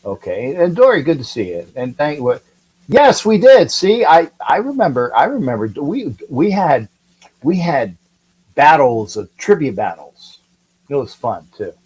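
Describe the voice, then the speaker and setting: A man's voice: a little high, big pitch swings, unhurried, darkish tone, husky, rough recording. A man from California hosting a casual live sports talk stream, rambling and chatty as he reads viewer comments and greets people by name. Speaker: sports talk livestream host.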